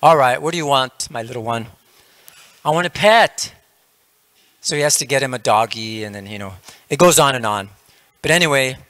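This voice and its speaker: A man's voice: mid-range voice, fairly bright tone, dry recording. Man telling a story in a temple class. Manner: casual, frequent "you know" fillers.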